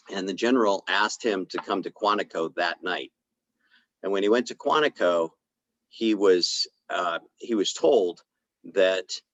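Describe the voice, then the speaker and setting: A low-pitched man recounts a story in a loose, conversational way, stopping for fillers and acting out the back-and-forth of the dialogue. His voice sounds close and dry, and the recording is a little dull and lo-fi. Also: fairly bright tone, no room sound. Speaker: chiropractor speaking on a health podcast. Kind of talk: casual storytelling talk.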